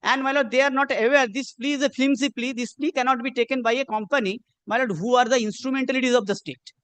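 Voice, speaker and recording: A man's voice: very high voice, steady tone, fast talker, a bit bright, clear, resonant tone, dry recording. A man arguing a case before a judge, insistent and formal, repeating "my lord" again and again as he points to pages. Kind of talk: courtroom legal argument. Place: courtroom.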